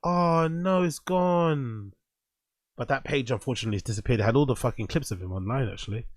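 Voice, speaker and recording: A man casually commentating on clips he is watching, profane and animated, talking back at them. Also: mid-range voice, fairly quick, no echo. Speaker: streamer reacting to clips.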